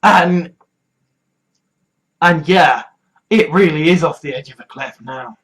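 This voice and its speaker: British vlogger with a stuffy nose, slow drawn-out rant, lots of swearing, sarcastic and heated. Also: medium pitch, rough recording. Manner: swears freely, heated and sarcastic, rising to shouting. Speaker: political vlogger. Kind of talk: ranting political vlog.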